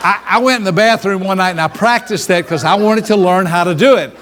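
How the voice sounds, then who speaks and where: A middle-aged man leading a business seminar, speaking in a voice that sits a bit higher than most men's. He tells stories in an animated way and acts out the scenes as he goes. His delivery keeps things moving with humor. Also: a little fast, background noise.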